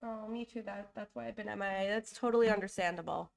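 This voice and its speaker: Fast and gravelly, a mid-range female voice carries a casual live design stream. The young host, recovering from a cold, thinks aloud with lots of fillers and self-corrections and is openly emotional and apologetic.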